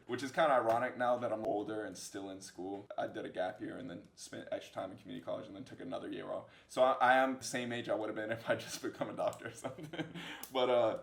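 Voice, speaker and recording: Gravelly young man, joking vlog chat. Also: on the low side, reverberant. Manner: joking, rambling storyteller who laughs at himself. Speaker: social media creator answering fan questions. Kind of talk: casual Q&A vlog. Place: indoor room with a fill light.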